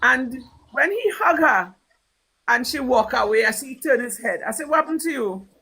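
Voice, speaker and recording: A woman's voice: high-pitched, expressive, moderate pace, bright, forceful tone, breathy edge, low-quality recording. A Trinidadian woman talking politics on a live stream with fervent emphasis, repeating her points. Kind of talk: impassioned political talk.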